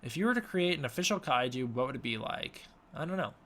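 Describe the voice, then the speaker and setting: A man's voice: medium pitch, animated, fast, fairly bright tone. A young man casually answering chat questions on a live stream from his room, mumbling and unsure of himself. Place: home room with a snake tank.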